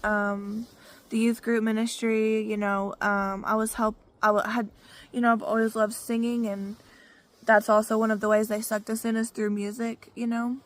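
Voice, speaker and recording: A woman's voice: a little high, little pitch movement, moderate pace. A woman, telling her own story in a frank, profane vlog full of "you know" fillers. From Arkansas, US. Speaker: vlogger. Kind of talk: casual personal testimony.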